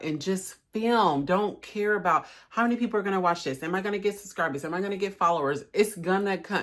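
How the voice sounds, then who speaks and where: Young woman vlogger with a low voice, chatty and encouraging. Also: a bit bright. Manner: chatty, encouraging, says y'all a lot; emotional, voice cracking at times. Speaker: lifestyle vlogger. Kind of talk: casual motivational vlog talk.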